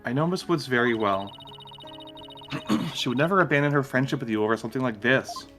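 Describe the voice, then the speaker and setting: A man's voice: mid-range voice, lively intonation, a little fast, a bit bright. A man streaming a game with a friend, reading its dialogue aloud and chatting casually, often laughing and swearing. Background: game music.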